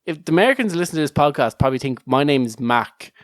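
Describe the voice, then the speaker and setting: A man's voice: on the high side, lively intonation, quick pace, no echo, clean studio sound. An Irish man co-hosting a podcast in casual chat, telling stories and laughing often. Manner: laughs often, restarts, storytelling. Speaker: podcast co-host.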